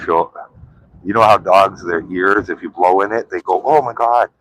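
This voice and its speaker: A man's voice: deep voice, steady tone, normal speed, fairly bright tone, low-quality recording. A man chatting loosely on a live stream, full of "like" and "um", rambling from one thought to the next. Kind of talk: casual live-stream chat.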